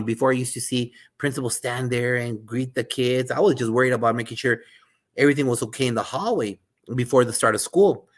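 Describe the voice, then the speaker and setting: A man in his fifties, a school administrator, talking animatedly as a podcast guest and repeating his words like a coach giving a pep talk. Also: mid-range voice. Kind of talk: casual interview talk.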